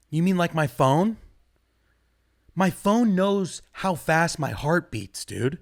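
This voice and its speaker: Animated, foul-mouthed male stand-up comic. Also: a little high, slow pace, vocal fry. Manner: profane, rambling, animated delivery with sudden loud jumps. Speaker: stand-up comedian. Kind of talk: stand-up comedy set.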